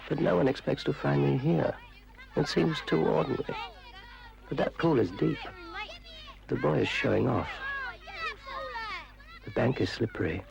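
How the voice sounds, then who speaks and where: An older man voicing a menacing male spirit of dark water, speaking in a slow, sinister, deliberate way. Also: medium pitch, vocal fry. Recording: noisy old public information film audio.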